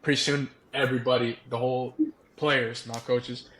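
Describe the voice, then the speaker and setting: Animated young man telling a story. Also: mid-range voice, normal speed, slight background noise. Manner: animated, acts out quotes, laughs often. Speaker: podcast guest, former college baseball player. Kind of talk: casual storytelling.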